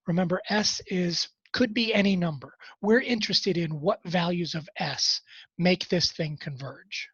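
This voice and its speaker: Man, math instructor, casual lecture, raspy voice, dry close mic, muffled sound. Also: high-pitched, expressive, slow pace, a bit bright, no room sound. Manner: conversational, self-deprecating asides while working problems. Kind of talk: recorded class lecture.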